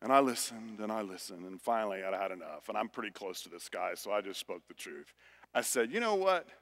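A male pastor preaching a sermon, building to loud, emphatic refrains. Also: lowish voice, fairly quick. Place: church sanctuary. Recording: reverberant church hall.

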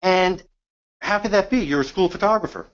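A middle-aged man with a slightly high voice teaches a photography workshop in an emphatic, energetic way. The recording sounds dull and lo-fi. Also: moderate pace. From New York. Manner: emphatic, energetic, self-described cynic. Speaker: photography educator. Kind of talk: animated storytelling workshop.

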